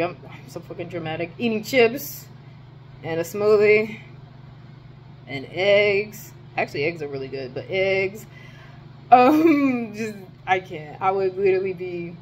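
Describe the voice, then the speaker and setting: A young woman telling a rant in a casual vlog from her dorm, animated and profane, her voice jumping high when she exclaims. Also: slight background noise. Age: young adult. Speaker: vlogger.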